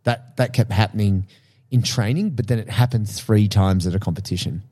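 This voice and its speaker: Male podcast co-host, mellow tone, animated storyteller who laughs often. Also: fairly low pitch, moderate pace. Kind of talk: casual podcast chat.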